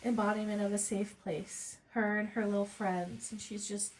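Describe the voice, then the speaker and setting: A woman making a casual crafting vlog, speaking in a soft, heartfelt, rambling way. She sounds tearful and close to crying. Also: mid-range voice, level tone, normal speed, slight background noise. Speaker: crafting YouTuber.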